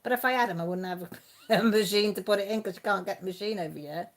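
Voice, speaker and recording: A woman's voice: medium pitch, quick pace. Chatty woman reading live chat. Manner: chatty, laughs often, answers viewers by name. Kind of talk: casual live-stream chat.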